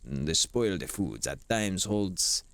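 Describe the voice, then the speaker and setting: A man doing a hammy mock-Italian cook reads the dialogue in a lowered, near-whispered voice. The accent is broad and playful, the delivery slow and theatrical, sitting deep in the register. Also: lively intonation, no room sound, exaggerated voice. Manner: low, hushed, theatrical reading. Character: Italian-accented male cook narrating the game.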